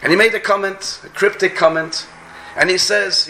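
A man's voice: sits high, moderate pace, bright, forceful tone, echoey room. A man giving a sermon as a rabbi, telling stories and often repeating words as he searches for the next phrase, with Hebrew and Yiddish terms mixed into his speech. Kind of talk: sermon with storytelling.

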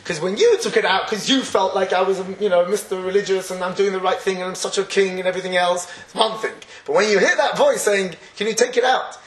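A man teaches a Torah class in a fairly high voice. He keeps it conversational, chuckling often and acting out little everyday scenes. The echoey room rings around his words. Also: fast talker, hardly any pauses.

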